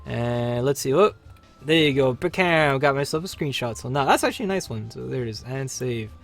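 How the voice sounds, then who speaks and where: An upbeat man talks his viewers through a game on a livestream, rambling cheerfully between moves. His voice sits in an ordinary middle pitch, with faint music in the background. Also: fairly quick, vocal fry. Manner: chatty, upbeat, talks to viewers while playing. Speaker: livestream host. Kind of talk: casual gaming livestream commentary.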